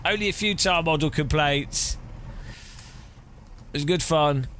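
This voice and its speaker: A man's voice: a little high, measured pace, noisy background. A man streaming a sim race, chatting casually and breaking into long fits of self-mocking laughter. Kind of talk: casual live-stream commentary.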